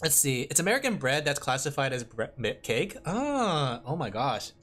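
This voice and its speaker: Chatty, lively-voiced woman streamer. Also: rumbling low, moderate pace. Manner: chatty and rambling, with many fillers; excitable, breaks into laughs and shouts. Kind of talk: casual live-stream chat.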